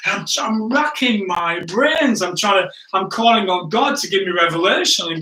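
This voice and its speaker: A man's voice: high voice, animated, moderate pace, few pauses, bright, forceful tone. A man preaching a sermon, telling a story in a chatty, self-mocking way and often checking in with the listeners. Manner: chatty, self-mocking, frequent "right?" asides. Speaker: pastor. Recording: echoey room, distant from the mic.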